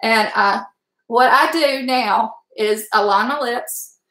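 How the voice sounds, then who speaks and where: This middle-aged woman with a drawl chats on a live stream, reading comments aloud, laughing often and getting emotional. Her voice sits a little high, and the room around her sounds echoey. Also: slow pace, a bit bright. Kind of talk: casual live-stream chat.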